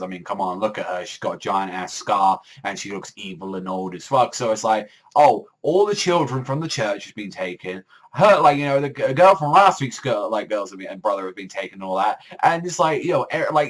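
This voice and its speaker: A man casually recapping a manga chapter, excitable and profane, acting out the characters' lines as he goes. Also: mid-range voice. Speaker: manga reviewer.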